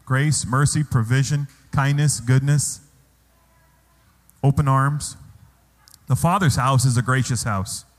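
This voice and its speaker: A man's voice: mid-range voice, slow, pauses often. A man preaching a sermon as pastor in a church, asking the congregation rhetorical questions. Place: church hall. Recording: long hall reverb.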